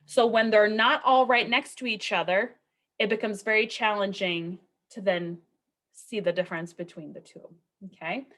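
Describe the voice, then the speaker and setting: A woman's voice: medium pitch, fairly even intonation, moderate pace, a bit bright. A woman giving a recorded statistics lecture in a conversational way, asking rhetorical questions and often checking in with okay and right. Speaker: statistics instructor.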